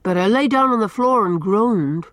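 A woman's voice: mid-range voice, lively intonation, normal speed, dry recording, clean studio sound, lightly acted. A woman voicing a sensitive, dreamy young boy who hates pain, earnest and pleading.

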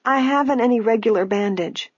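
Woman narrator doing a quavering old lady, proud and poor; high, husky, dull dry audiobook sound. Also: fairly quick, dry recording.

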